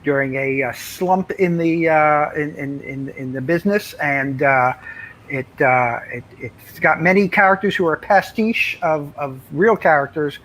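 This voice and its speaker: A man's voice: fairly high pitch, unhurried, a bit bright, slight background noise, poor audio. An older man, a comics writer, telling anecdotes in casual interview chat, rambling with many fillers and restarts.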